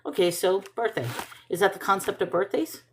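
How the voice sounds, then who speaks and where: A woman reading Bible passages slowly and stopping to question and comment on them in casual talk. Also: medium pitch, slight background noise. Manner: thinks aloud, questioning and self-correcting; reads scripture slowly and deliberately.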